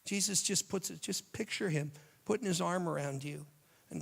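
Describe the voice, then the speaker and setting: A man giving a youth sermon, telling the story dramatically and dropping to a hushed, tender voice for quoted lines. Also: sits high, normal speed, gravelly, big-room sound. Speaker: youth speaker.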